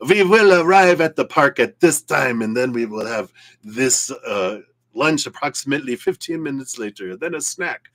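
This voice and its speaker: A man's voice: mid-range voice, animated, normal speed, a bit bright, pitched above the performer's own voice. A man doing a mock German accent to play a strict, fussy girlfriend who plans every minute. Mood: bossy. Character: strict, rigid planner girlfriend, female adult, fussy.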